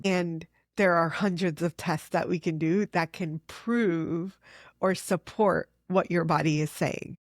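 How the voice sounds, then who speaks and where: A middle-aged woman, a fertility doctor, telling patient stories in an earnest, animated way with many "like"s. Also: fairly low pitch, no room sound, studio quality. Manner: earnest, animated storytelling with frequent "like". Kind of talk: conversational interview.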